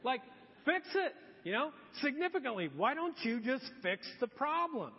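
A man's voice: very high-pitched, sing-song, moderate pace, husky, big-room sound, lo-fi sound, voice pushed up, exaggerated voice. A man voicing a whiny, bossy middle-aged mother who nags her son.

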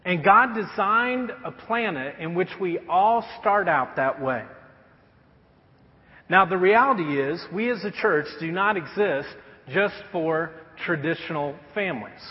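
Earnest high-voiced man preaching in a hall. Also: animated, measured pace. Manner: earnest, storytelling, drops to a hush on key phrases. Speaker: pastor. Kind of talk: sermon. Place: church auditorium. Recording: muffled sound with long hall reverb.

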